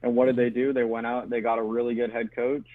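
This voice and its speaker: A man calling in to a sports show, talking casually, quickly and eagerly. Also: mid-range voice, level tone, no echo. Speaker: caller. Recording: tinny phone line.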